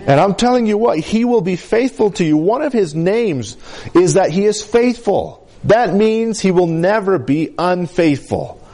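Preaching in an unhurried way, this pastor carries the accent of Colorado's San Luis Valley. He keeps checking in with "Amen?" and his lively intonation moves between forceful peaks and quiet asides.

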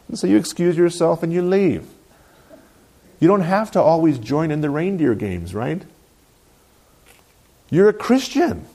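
A man's voice: mid-range voice, dark tone. A man preaching a sermon as pastor, emphatic and conversational, often checking in with his listeners. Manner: emphatic preaching with frequent "right?" and "amen?"; acts out polite excuses in a lighter voice.

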